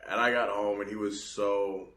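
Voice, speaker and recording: Animated, profane man telling stories. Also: on the low side, moderate pace. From United States. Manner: animated, profane, acts out voices in his stories. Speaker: podcast co-host. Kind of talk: casual comedic storytelling. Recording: roomy sound with faint background noise.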